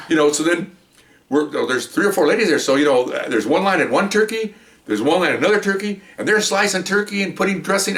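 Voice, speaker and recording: Older male ex-cop storyteller, digressive and chatty, mid pitch, recorded a little off-mic. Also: distant mic. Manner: rambling, digressive, animated when quoting people. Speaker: retired police officer telling stories. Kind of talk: casual storytelling monologue.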